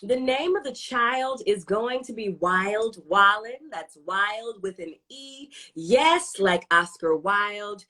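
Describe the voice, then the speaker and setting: A woman hosting a casual live stream, playfully hyping up and shouting out her viewers. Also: medium pitch, animated, slow pace, hardly any pauses. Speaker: show host.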